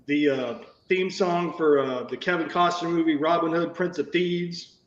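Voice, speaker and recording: A man's voice: fairly high pitch, steady tone, normal speed. Rambling man in a roomy, lo-fi sound. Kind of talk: casual podcast chat.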